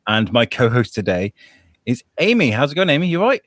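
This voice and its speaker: A man's voice: mid-range voice, sing-song, brisk, fairly bright tone. A man hosting a podcast in a chatty, rambling way, laughing often. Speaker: podcast host. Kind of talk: casual chat.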